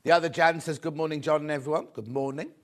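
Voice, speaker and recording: Chatty shopping-show host. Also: male voice, a little high, fairly even intonation, fast. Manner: upbeat, chatty, greets viewers by name. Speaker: shopping channel presenter. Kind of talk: live shopping show selling.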